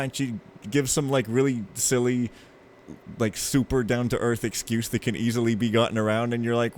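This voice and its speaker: A man's voice: mid-range voice, normal speed, a little mellow, slight background noise. A man casually commenting on a game as he plays, rambling and jokey with lots of filler. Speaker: let's play host.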